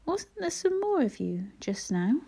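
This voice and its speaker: An injured young boy from a storybook, plucky and friendly, speaking weakly but with hearty schoolboy phrases, as a woman reading aloud puts him on. His tone stays mellow and soft. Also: sits high, very animated, a little slow, vocal fry, voice pushed up, full character voice. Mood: feeble, friendly.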